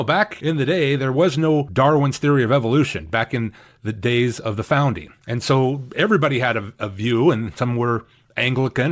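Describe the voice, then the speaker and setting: A man preaching a sermon, emphatic and repeating key phrases for stress. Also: mid-range voice. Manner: acts out quoted speakers in shifted voices. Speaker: pastor.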